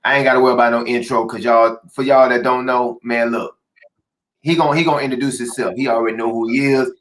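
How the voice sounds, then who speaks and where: A man hosting a casual interview show, energetic and chatty, laughing easily with his guest. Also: medium pitch, fast talker. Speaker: show host.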